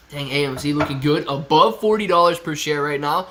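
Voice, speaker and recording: A man's voice: a little high, a little fast, few pauses, fairly bright tone. A man hosting a live stream, chatting casually and reading viewer comments aloud, his voice stuffy and congested from a cold. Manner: reads chat comments aloud, joking and chatty. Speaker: livestream host.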